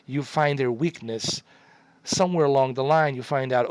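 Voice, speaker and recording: A man's voice: mid-range voice, normal speed, dry recording. Profane rambling man telling a story. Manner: profane, rambling, emphatic, repeats himself. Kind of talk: casual storytelling to viewers.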